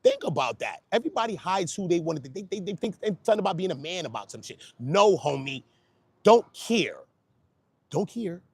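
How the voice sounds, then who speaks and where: Brooklyn male commentator, somewhat high voice, dry close recording, emotional street-slang monologue. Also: very animated, brisk, slightly rough, no echo. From Brooklyn, New York. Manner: swings from low, quiet talk to loud, high emotional outbursts; slangy and emphatic, keeps asking if you hear him. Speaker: YouTube commentator. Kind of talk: emotional casual monologue to camera.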